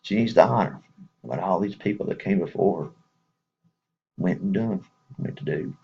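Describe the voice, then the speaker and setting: Gravelly deep-voiced man, earnest and plain. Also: normal speed. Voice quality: gravelly, husky. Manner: earnest, plainspoken, folksy grammar. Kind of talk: casual spoken message. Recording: dull lo-fi recording.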